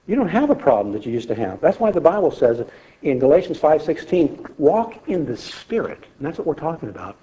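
A middle-aged man with a warm, mid-range voice delivers a folksy sermon with personal testimony, talking to the congregation conversationally. The lo-fi recording sounds slightly dull.

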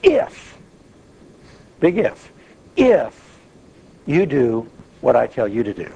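A man leading an informal Bible study, lively and acting out prayers as he talks. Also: mid-range voice, slow, gravelly, husky, highs cut off. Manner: animated, acts out prayers and quotes.

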